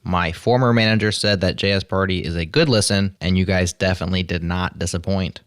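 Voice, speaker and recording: Deep-voiced man reading a listener letter. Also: a bit bright, no echo, studio quality. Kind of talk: reading a listener message aloud.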